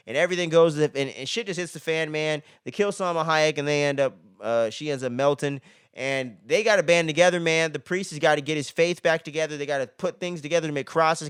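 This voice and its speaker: A man's voice: fairly high pitch, clean tone, no room sound, clean studio sound. A man giving a casual spoiler movie review, slangy and profane, who keeps ending his sentences with "man.". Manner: slangy and profane, ends many phrases with "man".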